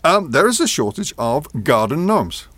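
A man sharing odd news in a casual chat, with a wry, dry humor. His voice moves a lot in pitch, and the recording is close and dead dry. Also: very animated, moderate pace, fairly bright tone, no echo. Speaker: co-host.

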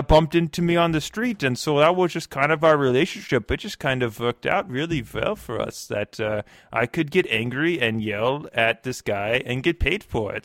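A man improvising as a historical figure's assistant on a comedy podcast, telling a rambling, halting story full of fillers. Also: medium pitch, a bit bright, no echo. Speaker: improv guest playing Beethoven's assistant.

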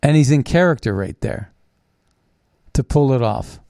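A man's voice: mid-range voice, animated, a little slow, gravelly, warm tone, no echo, clean studio sound. Blunt, scornful man hosting political commentary. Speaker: host.

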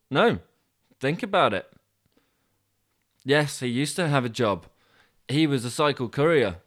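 A man narrating a comic story with dry, deadpan asides. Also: medium pitch. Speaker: podcast host and storyteller.

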